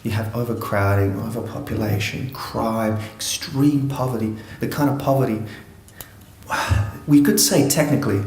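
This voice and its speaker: A man's voice: medium pitch, a little mellow, a little hiss or hum. Earnest man telling his story, roomy echo. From Afghanistan. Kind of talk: storytelling talk to an audience.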